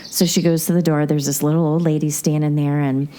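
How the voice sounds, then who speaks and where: A woman's voice: sits low, flat delivery, fairly quick, warm tone, slight background noise. A woman hosting a podcast, recapping a movie in a rambling, chatty way with many asides. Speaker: podcast host. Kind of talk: casual movie recap chat.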